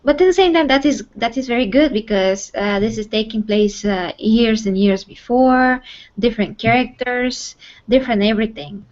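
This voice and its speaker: A woman co-hosting a casual movie chat, often pausing to search for words with many fillers. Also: on the high side, a little mellow, muffled recording. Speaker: co-host.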